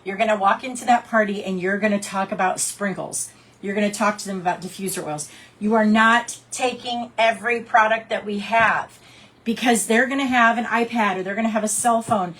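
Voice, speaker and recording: A woman's voice: mid-range voice, fairly even intonation, a little fast, a bit bright, rough recording. A woman coaching her sales team in a casual, chatty talk, encouraging them and acting out little scenes. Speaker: direct sales team leader.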